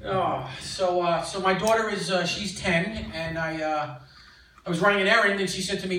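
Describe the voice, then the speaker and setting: An older man performing a stand-up comedy set, delivering deadpan punchlines with filler-laden pauses in a comedy club. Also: sits high, a little hiss or hum. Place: comedy club stage with audience laughter. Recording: echoey club audio, distant, loud crowd.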